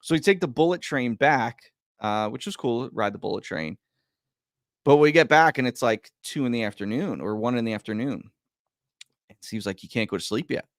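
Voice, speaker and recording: A man casually telling a long story on a podcast, rambling and stumbling over his words, his voice swinging between loud bursts and quiet mutters. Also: medium pitch, animated, normal speed, dry recording, studio quality. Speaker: podcast guest.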